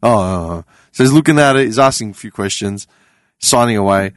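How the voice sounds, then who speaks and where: An Australian man, a podcast panelist, telling a story in casual chat, animated and profane. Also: lowish voice, a little fast, no room sound. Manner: animated, profane, laughs through his anecdote.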